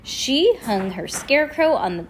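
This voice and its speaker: A woman reading a children's chapter book aloud at home, casual, pausing to chat and correct herself. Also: high voice, sing-song, slight background noise. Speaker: reader.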